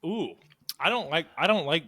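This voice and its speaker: A man co-hosting a podcast in casual chat, reacting loudly with groans and laughs into a close mic. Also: fairly high pitch, lively intonation, moderate pace, dry recording. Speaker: podcast co-host.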